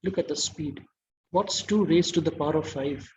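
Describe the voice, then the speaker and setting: A man's voice: fairly high pitch, normal speed, a little mellow, slight background noise, low-quality recording. A man giving an online masterclass lecture, quizzing his audience and praising their answers.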